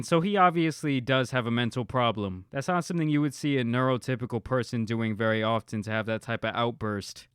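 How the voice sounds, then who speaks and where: A man's voice: mid-range voice, a bit bright, clear, resonant tone, no room sound, clean studio sound. A man hosting an online reaction video, talking casually and earnestly with lots of "kinda" and "uh" fillers. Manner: earnest, conversational, frequent "uh" and "kinda". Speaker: YouTube reaction host.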